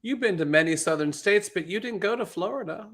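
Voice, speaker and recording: Bright-voiced man in lively banter. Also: high voice, brisk. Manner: animated, laughs often, incredulous. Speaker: podcast co-host. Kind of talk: casual chat.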